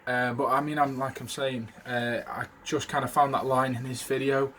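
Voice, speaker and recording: A man's voice: mid-range voice, little pitch movement, normal speed, fairly bright tone, slight background noise. Casual male video creator teaching impressions: loose and rambling, full of fillers. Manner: rambling, with many fillers and restarts. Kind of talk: casual spoken tutorial.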